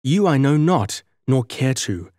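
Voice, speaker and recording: A man's voice: mid-range voice, big pitch swings, a little slow, a little mellow, no echo, pitched above the performer's own voice. A male narrator voicing a spiteful young town boy who talks in a sneering way, in a dry audiobook recording.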